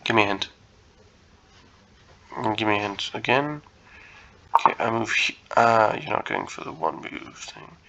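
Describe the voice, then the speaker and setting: A man's voice: fairly low pitch, unhurried, gravelly, long pauses, sharp tone, lo-fi sound. A man giving casual think-aloud commentary while solving puzzles, muttering to himself, hesitant and self-correcting. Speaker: chess content creator.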